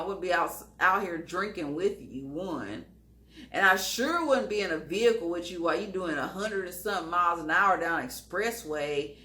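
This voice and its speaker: A young woman telling a casual storytime vlog, animated and acting out the quoted lines with lots of "like". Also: mid-range voice, roomy sound.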